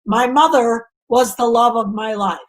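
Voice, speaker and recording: A woman's voice: on the high side, measured pace, low-quality recording. A woman comedian, the guest, telling stories in casual interview chat and acting out other people's voices. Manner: animated storyteller who acts out voices.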